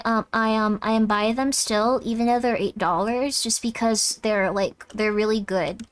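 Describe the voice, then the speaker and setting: A woman's voice: a little high, moderate pace, hardly any pauses. A young woman streaming a game, bubbly and rambling, giggling and chatting with viewers. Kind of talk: casual let's-play chat.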